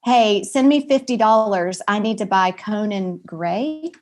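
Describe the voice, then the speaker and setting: A woman in her forties, a podcast guest chatting casually and acting out family conversations with lively energy. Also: medium pitch, measured pace. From American South. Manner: animated storyteller, acts out family dialogue loudly. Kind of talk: casual chat.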